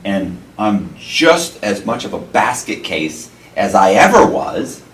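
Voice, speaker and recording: A man's voice: lowish voice, very animated, slow pace, a bit bright. A man hosting an interview, chatting in a wry, self-deprecating way that often trails off into mumbles. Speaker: interview host. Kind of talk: casual interview chat. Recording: echoey room, mic at a distance, faint noise.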